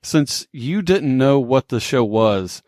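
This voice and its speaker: A male podcast host with a mid-pitched voice, asking his guest questions in a relaxed, easygoing way. The sound is close and dry, with no room around it. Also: slow, no echo. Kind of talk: casual interview.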